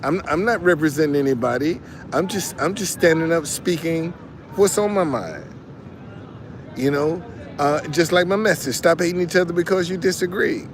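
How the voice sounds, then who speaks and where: This online commentator has a fairly high, animated voice and a moderate pace. He delivers loose, sermon-like motivation, restarting frequently, circling back to the same phrases, and responding to viewers as he talks.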